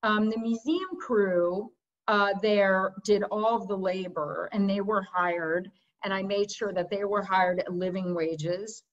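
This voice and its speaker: A middle-aged visiting artist lecturer, laughing at her own stories, gives a candid, casual art lecture over a muffled video call. Her mid-range voice is steady in tone and a little slow.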